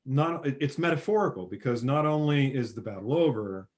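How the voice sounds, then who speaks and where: A man talking films in a relaxed podcast chat. He gets animated as he retells scenes, jumping to loud bursts when quoting characters. His voice sits at an ordinary middle pitch. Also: brisk. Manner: animated storyteller, acts out film scenes with sudden loud bursts. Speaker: podcast guest. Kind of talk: casual film chat.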